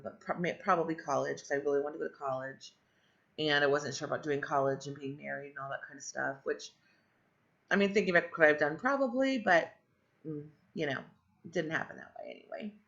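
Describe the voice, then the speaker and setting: Middle-aged woman, storyteller, rambling with asides; raspy fry, muffled lo-fi audio. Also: sits low, a bit bright. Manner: rambling, many fillers and asides. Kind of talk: personal storytelling. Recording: dull lo-fi sound.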